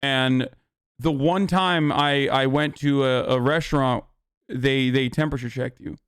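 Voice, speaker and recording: A man reacting to a video on a live stream, casual, profane and excitable. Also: mid-range voice, a little slow, clear, resonant tone, no echo, clean studio sound.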